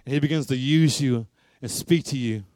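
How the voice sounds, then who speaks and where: A man's voice: mid-range voice, moderate pace, a little mellow, no room sound, studio quality. A male pastor giving an earnest sermon and altar call, pleading with listeners. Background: faint music.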